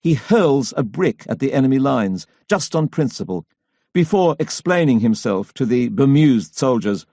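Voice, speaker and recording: A man reading a history audiobook aloud as its narrator, in a measured, dramatic way that lifts for quoted voices. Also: medium pitch, animated, mellow, no echo, clean studio sound. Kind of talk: scripted narration.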